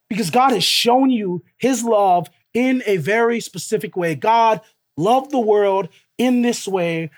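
A preacher giving a sermon with emphatic, repeated phrases and rhetorical questions put to the listeners. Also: mid-range voice.

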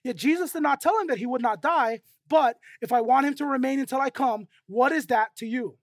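High-pitched preacher, punchy sermon, keeps going "right? amen?", dry close sound. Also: a little fast, no room sound. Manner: emphatic, checks in with the congregation with tag questions; acts out quoted dialogue in a conversational way. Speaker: pastor.

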